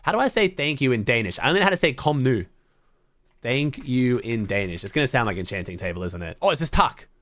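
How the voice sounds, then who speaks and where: A man's voice: mid-range voice, big pitch swings, quick pace, a bit bright, no echo. An Australian man streaming to his chat, thinking aloud in blunt, casual talk full of swearing. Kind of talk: casual livestream chat to viewers.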